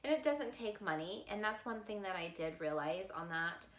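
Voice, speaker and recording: A woman vlogger telling a personal story to camera in a heartfelt, expressive way. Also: medium pitch, normal speed, roomy sound, a little hiss or hum. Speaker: vlogger sharing a life lesson.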